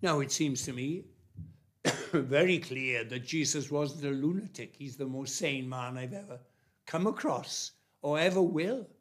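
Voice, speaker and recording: A man preaching a sermon, emphatic and repetitive, with long pauses between phrases. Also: fairly high pitch, fairly bright tone.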